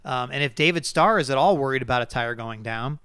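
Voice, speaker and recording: A man's voice: medium pitch, quick pace, pushed and bright, clear, resonant tone, no echo, studio quality. A man co-hosting a podcast, chatting casually and hedging with lots of fillers and restarts. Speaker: podcast co-host. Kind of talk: casual sports chat.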